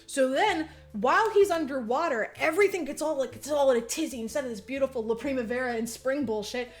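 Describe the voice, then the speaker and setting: With a high-sitting voice, a woman co-hosting a podcast recaps a movie in casual, profane, rambling chat. She acts out the characters in quick voices.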